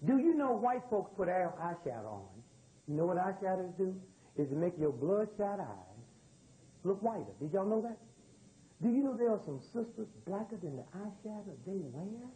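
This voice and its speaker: Animated older man teasing a crowd. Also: very high voice, normal speed, low-quality recording. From United States. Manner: animated, teasing, streetwise banter with the audience. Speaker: speaker addressing a live audience. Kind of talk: humorous lecture to a crowd.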